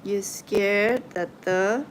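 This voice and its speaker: A woman hosting a live tarot and coaching stream, talking gently and reassuringly to her viewers as she reads their comments. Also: medium pitch, a little hiss or hum, low-quality recording. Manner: soothing, reassuring, slow and gentle.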